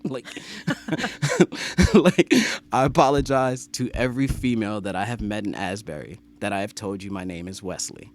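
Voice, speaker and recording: A man's voice: lowish voice, moderate pace, a little hiss or hum. A man co-hosting a podcast, trading loose, slangy, joking banter. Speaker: podcast co-host. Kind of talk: casual banter.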